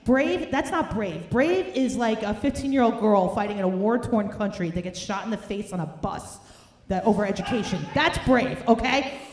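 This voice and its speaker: A woman's voice: mid-range voice, darkish tone. A woman, doing a brash, profane, ranting stand-up set while hungover. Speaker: stand-up comedian. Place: comedy club stage. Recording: roomy club sound, faint noise.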